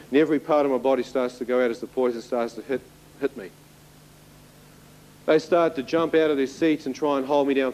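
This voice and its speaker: On a rough recording, a testimony speaker in his thirties addresses an audience with a mid-range, darkish voice. His storytelling is vivid, broken up by asides aimed directly at the listeners.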